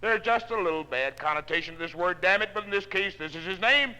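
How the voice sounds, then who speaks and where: A man voicing a prim, stern female schoolteacher in a folksy story, in his own bright voice. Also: high voice, expressive, quick pace, smooth, heavily acted. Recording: reverberant hall on a 1960s spoken-word record.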